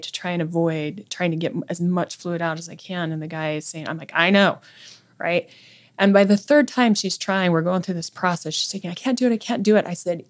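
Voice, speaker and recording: A middle-aged woman, a podcast guest, intensely retelling a story with lots of quoted speech. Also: fairly low pitch. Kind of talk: conversational storytelling.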